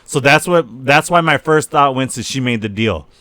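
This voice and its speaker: Profane animated male podcast host. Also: medium pitch, normal speed, no room sound. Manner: animated, profane, acts out scenes in quoted voices. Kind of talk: casual chat.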